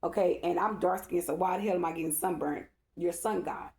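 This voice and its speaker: A woman's voice: fairly low pitch, a little fast, a little mellow. A woman, a spiritual reader, telling a rambling, emphatic story to her followers and often checking in with "okay?". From Dallas-Fort Worth area, Texas. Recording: echoey room.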